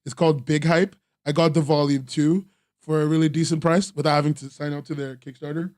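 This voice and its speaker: Rambling man with a higher voice. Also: level tone, brisk, darkish tone, no echo, clean studio sound. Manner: rambling, self-deprecating, frequent ums and laughs. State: tired, sore from three days at a convention. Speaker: webcomics podcast host. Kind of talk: casual solo chat.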